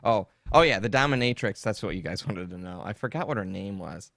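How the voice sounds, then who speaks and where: A man's voice: fairly low pitch, expressive, brisk, creaky, a bit bright, dry recording, studio quality. A man hosting a podcast, chatting casually with a jokey, rambling, mocking manner. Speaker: podcast host. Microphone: desktop streaming setup.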